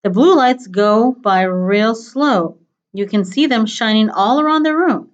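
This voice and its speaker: A woman reading a novel aloud in a steady, plain storytelling manner, on a dull lo-fi recording. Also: on the high side, a little slow. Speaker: reader.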